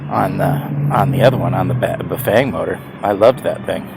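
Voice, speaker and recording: A man over fifty with a low voice and vocal fry speaks at normal speed amid heavy background noise. An e-bike rider vlogging, he rambles casually to camera, chuckling often and restarting sentences with emphatic repeats.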